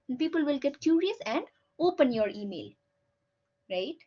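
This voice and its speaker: Higher-voiced woman teacher. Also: sing-song, normal speed, long pauses, dark tone. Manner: patient, ends points with "right?". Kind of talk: explanatory lecture. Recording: dull lo-fi recording.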